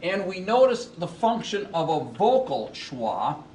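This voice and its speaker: A man teaching a Hebrew grammar lesson in a recorded lecture, speaking haltingly with many ums and restarts. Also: high-pitched, very animated, darkish tone, a little hiss or hum. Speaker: Hebrew instructor.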